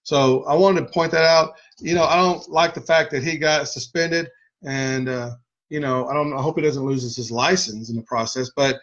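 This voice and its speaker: A man from Texas hosting a cannabis channel, talking in an earnest, rambling way and swearing casually. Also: a little high. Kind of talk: casual chat. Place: home video studio. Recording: slightly dull lo-fi sound.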